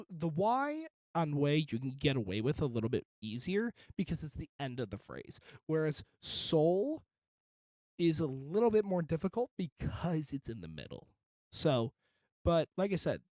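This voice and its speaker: A man's voice: a little high, darkish tone, no echo. A man reviewing a song in casual commentary, encouraging and detailed about vocal technique.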